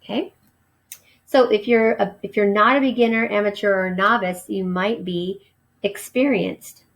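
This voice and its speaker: A woman's voice: mid-range voice, steady tone, poor audio. A woman teacher giving a recorded vocabulary lesson, spelling each word letter by letter and explaining its meaning. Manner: slow, spells words letter by letter.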